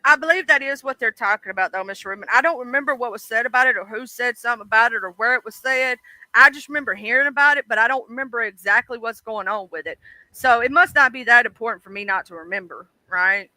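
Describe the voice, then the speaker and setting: A man's voice: very high voice, fast, sharp tone, no room sound, poor audio. A man hosting a casual livestream, talking emphatically in slangy, repetitive bursts. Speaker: livestream host.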